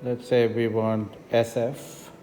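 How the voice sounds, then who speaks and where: Male tutor voice-over, unhurried step-by-step explainer, mellow tone. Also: medium pitch, little pitch movement, slight background noise. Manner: unhurried, explains step by step with frequent "right?" checks. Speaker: math teacher. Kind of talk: screen-recorded coding tutorial. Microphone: voice-over on tablet whiteboard recording.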